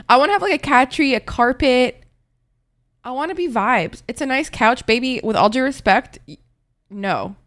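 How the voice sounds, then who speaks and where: A woman's voice: fairly high pitch, a bit bright. A young woman streaming and chatting with her viewers in a casual, dramatic way, swearing freely; she is tired and a little congested.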